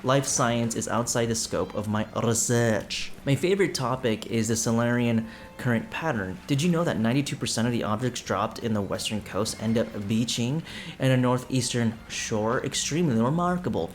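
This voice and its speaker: A man's voice: mid-range voice, moderate pace, a little hiss or hum, lightly acted. A man voicing a pompous, scholarly ocean researcher who lectures in lofty, wordy phrases.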